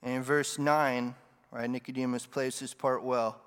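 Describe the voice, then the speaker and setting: A man preaching a sermon in a relaxed, conversational way, with joking asides to the congregation. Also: mid-range voice, unhurried, clean tone, long reverb tail.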